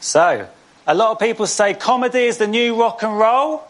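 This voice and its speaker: A man doing stand-up with deadpan one-liners. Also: high-pitched, normal speed, background noise. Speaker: stand-up comedian. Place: TV studio stage.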